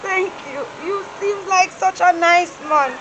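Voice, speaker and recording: A woman's voice: extremely high pitch, measured pace, fairly bright tone, highs cut off, a little hiss or hum. An actress with a Jamaican accent playing a young maid who pleads and cries before her employer. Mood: tearful. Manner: pleading, tearful, ends phrases with "oh". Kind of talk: comedy skit acting.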